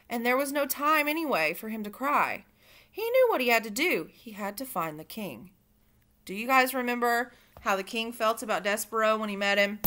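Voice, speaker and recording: Bright-voiced woman reading a storybook. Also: mid-range voice. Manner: expressive, asides to listeners. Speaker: reader. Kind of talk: storybook read-aloud for children.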